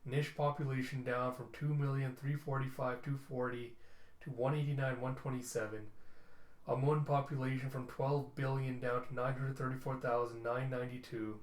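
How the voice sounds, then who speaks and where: A man narrating a comic book readthrough in an animated, emotional way. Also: medium pitch, normal speed. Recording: echoey room.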